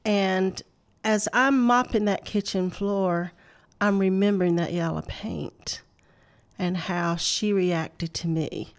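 A woman's voice: mid-range voice, fairly even intonation, slow pace. A middle-aged woman tells a personal story on a faith talk show. She laughs easily and talks with a mid-range voice. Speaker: guest.

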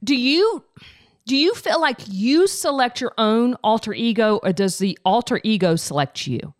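Lively high-voiced woman podcast host. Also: moderate pace. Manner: bubbly, laughs along, curious questions. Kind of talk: casual interview chat. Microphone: video call.

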